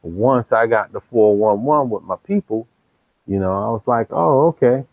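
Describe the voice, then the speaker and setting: A man's voice: on the low side, normal speed, no room sound. A man hosting a live stream, telling street stories casually in slang and acting out the people he quotes. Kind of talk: casual storytelling. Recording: tinny phone-like dry sound.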